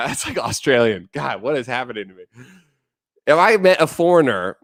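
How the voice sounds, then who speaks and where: A man from the United States chatting on a live stream, sounding blunt and opinionated and swearing freely. His voice sits a little high for a man. The sound is dry and close. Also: very animated, brisk, no echo. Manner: blunt, profane, opinionated ranting; answers chat messages aloud. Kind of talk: casual live-stream chat.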